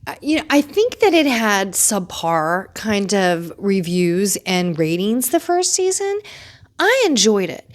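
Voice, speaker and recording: Woman gossiping about reality tv, chatty, opinionated, higher voice. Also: fairly bright tone. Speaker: pop culture commentator. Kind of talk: casual commentary.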